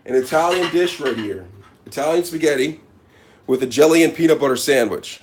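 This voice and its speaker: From his home kitchen, a man hosts a deadpan parody cooking show, talking straight to viewers, bragging, and repeating catchphrases. His voice is a little high, a little mellow, expressive, and brisk, with some hiss or hum in the recording.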